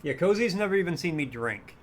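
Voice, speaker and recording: A man's voice: a little high, expressive, fairly quick, slight background noise. A man in his twenties streaming a game, casually chatting and thinking aloud with self-amused humor. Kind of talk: casual let's-play chat.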